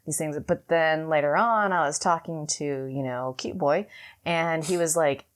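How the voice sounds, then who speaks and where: Give me a young Californian woman with a low voice, chatting casually on a podcast and rambling through a story. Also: a little slow. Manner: rambling storytelling with many fillers. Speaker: podcast co-host. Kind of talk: casual chat.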